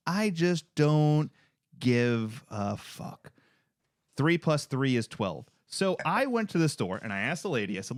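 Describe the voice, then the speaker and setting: Co-host, man, 30s: high, bouncy voice, dry close sound, loose and swearing. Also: normal speed, dry recording. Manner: animated, profane storytelling. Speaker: podcast co-host. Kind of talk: casual chat.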